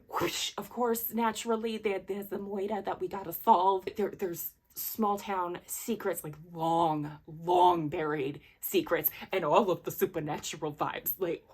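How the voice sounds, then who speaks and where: A woman's voice: on the low side, slightly rough. A woman vlogger chatting enthusiastically about books she read, rambling with fillers and restarts. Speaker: book vlogger. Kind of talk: casual book review chat.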